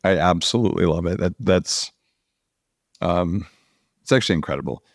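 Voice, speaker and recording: A man's voice: deep voice, normal speed, dry recording, studio quality. A middle-aged man hosting a podcast interview, talking in a casual, emphatic way. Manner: animated, emphatic when making a point. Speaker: podcast host. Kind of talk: conversational interview.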